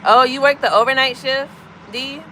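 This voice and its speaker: A woman's voice: high voice, fairly even intonation, moderate pace, bright, forceful tone, a little hiss or hum. A woman in her thirties with an American accent, chatting casually with viewers on a livestream, greeting people by name as she moves from one comment to the next. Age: 30s. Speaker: livestream host. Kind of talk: casual live chat with viewers.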